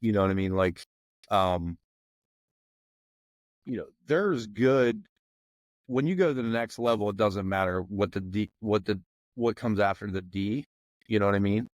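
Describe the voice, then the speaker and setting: A man's voice: fairly low pitch, a little slow, pauses often, dry recording. Rambling man with a dry sound. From McKeesport area, Pennsylvania. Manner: rambling, many fillers like "you know what I mean". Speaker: podcast guest, former football player. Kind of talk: casual podcast conversation.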